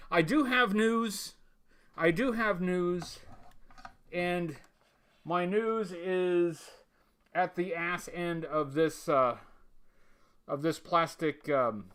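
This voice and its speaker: A man's voice: sits high, sharp tone. A man hosting a live toy-collector stream, greeting chat viewers by name and rambling with many fillers and restarts. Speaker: livestream host.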